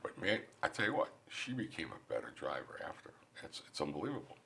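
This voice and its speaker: A man in a studio interview, earnestly telling a personal faith story with animated delivery and frequent repeated words as he restarts. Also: very deep voice, brisk, creaky. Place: recording studio.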